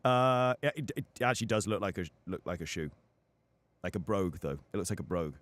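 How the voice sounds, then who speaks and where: A young British man from the United Kingdom, a voice actor guest on a casual livestream interview, talks fast in a low, fairly bright voice with lively intonation. He explains things thoughtfully and uses plenty of fillers. There's no room sound.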